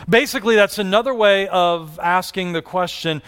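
Man, pastor, conversational sermon, light tone, smooth resonant voice, large church. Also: high-pitched, normal speed, few pauses, fairly bright tone. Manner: conversational preaching with repeated words and restarts. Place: large church hall with congregation.

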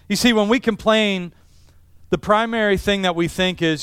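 A man's voice: high voice, normal speed, fairly bright tone, smooth, no echo, clean studio sound. A middle-aged male pastor preaching a sermon in an emphatic style, stacking repeated phrases for effect. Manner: emphatic, repetitive preaching cadence.

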